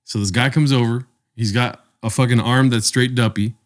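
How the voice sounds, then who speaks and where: A man's voice: mid-range voice, normal speed. A young man co-hosting a podcast, telling a story in casual chat, swearing often and acting out the voices of people in it. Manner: animated, swears often, acts out voices in his stories. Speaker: podcast co-host.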